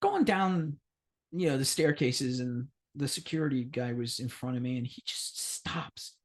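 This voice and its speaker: A man co-hosts a podcast and tells a long anecdote in casual chat. His voice swings widely in pitch as he acts out each person in the story. He swears freely and laughs as he goes. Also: very animated, measured pace. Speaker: podcast co-host.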